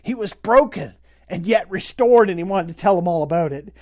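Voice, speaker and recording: A pastor preaching a sermon, telling a story earnestly and stressing points through repetition. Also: male voice, high voice, animated, moderate pace, a little mellow.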